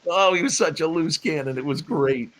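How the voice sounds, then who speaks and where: A man's voice: a little high, moderate pace, crowd noise. Man telling wrestling locker-room stories. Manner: animated storyteller, breaks into laughs. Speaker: guest, former wrestling referee. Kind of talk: casual storytelling on a podcast.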